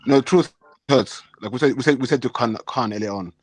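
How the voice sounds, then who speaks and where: A man's voice: medium pitch, a little fast, a little mellow, slightly rough, no room sound. A man of Caribbean background, teasing a friend in casual comedic banter and repeating lines for effect.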